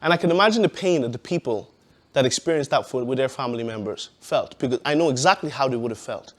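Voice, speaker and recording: A man's voice: mid-range voice, animated, fast. A man giving a personal testimony in a casual, conversational way, with many "you know"s and frequent laughs.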